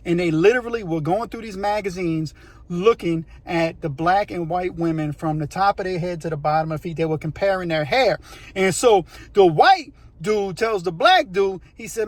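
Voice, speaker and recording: A man's voice: sits high, moderate pace, no echo. A man telling a true story in a casual, rambling way, often checking in with "you know what I mean". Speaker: storyteller, channel host.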